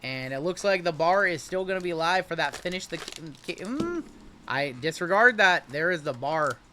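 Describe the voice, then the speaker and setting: A man's voice: a little high, expressive, pushed and bright, a little hiss or hum. Upbeat young man hosting a card break. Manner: hyped, jokey, rapid running banter. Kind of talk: live-stream card break commentary.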